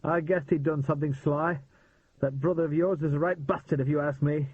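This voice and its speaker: A man's voice: on the high side, steady tone, moderate pace, breathy edge, no room sound, pitched above the performer's own voice. A man voicing a blunt, hearty British man with a British accent, calling out and reassuring. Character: brash rescuing British man, blunt and warm. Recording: tinny phone-like sound.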